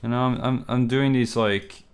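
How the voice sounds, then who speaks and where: A man's voice: medium pitch, fairly even intonation, normal speed. A young man streaming on his own, rambling and exasperated, full of fillers and restarts. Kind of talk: casual solo stream talk.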